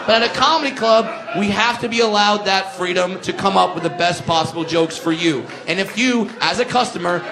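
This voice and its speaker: High-voiced man ranting on stage. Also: background noise. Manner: ranting, emphatic, shouting punchlines. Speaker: stand-up comedian. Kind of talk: stand-up set. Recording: comedy club with audience laughter. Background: crowd laughing.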